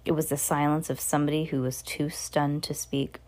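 Woman narrator, low voice, amateur storybook read-aloud with slips. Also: little pitch movement, moderate pace, a little mellow. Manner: earnest, with small slips and restarts. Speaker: reader. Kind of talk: reading a children's novel aloud.

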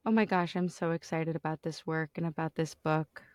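A woman's voice: deep voice, steady tone, fairly quick, dry recording, clean studio sound. A woman hosting a podcast, chatting casually with her guest in an effusive, enthusiastic way. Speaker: podcast host. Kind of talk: casual interview chat.

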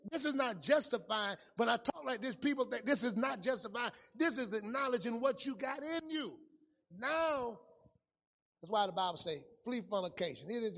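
A high-pitched male pastor preaches in a relaxed, storytelling way, shifting from loud bursts to near murmurs. His voice rings out in a big room with a long echo trailing behind it. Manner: conversational preaching, swings between loud and hushed. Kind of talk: sermon.

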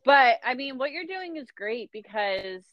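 A woman's voice: high-pitched, lively intonation, measured pace. A woman hosting a podcast as a doula, chatting supportively with her guest and using many fillers. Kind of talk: casual podcast interview. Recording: dry, slightly dull lo-fi sound.

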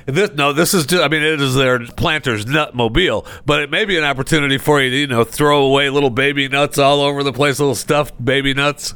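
A man's voice: medium pitch, expressive, a little fast, a bit bright, clean tone, no room sound. A man hosting a podcast, telling rambling stories in a loose, conversational way. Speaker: podcast host. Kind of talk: casual chat.

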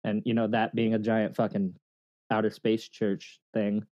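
A man's voice: lowish voice, flat delivery, unhurried, a little mellow, no echo, highs cut off. A man co-hosting a podcast who keeps the banter laid-back, cracking crude jokes and asking casual questions. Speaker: podcast co-host. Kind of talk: casual chat.

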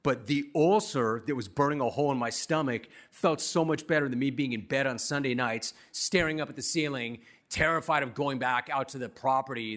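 A middle-aged man from Los Angeles giving a commencement speech, telling his story in a punchy, self-deprecating, animated way. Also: mid-range voice. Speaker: commencement speaker. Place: university commencement ceremony.

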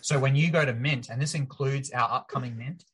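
A man's voice: mid-range voice, brisk, fairly bright tone, a little hiss or hum. Enthusiastic man explaining his project. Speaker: project team member guest. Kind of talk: casual interview chat.

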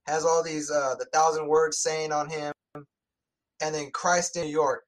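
A man casually and profanely retelling a movie plot in animated chat. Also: a little high, measured pace.

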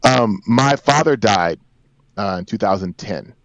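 Low-voiced earnest man in his forties. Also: animated, measured pace, creaky, fairly bright tone, no room sound. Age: 40s. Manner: earnest, repetitive emphatic phrasing. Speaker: guest. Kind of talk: podcast interview storytelling. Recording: dry, dull lo-fi sound.

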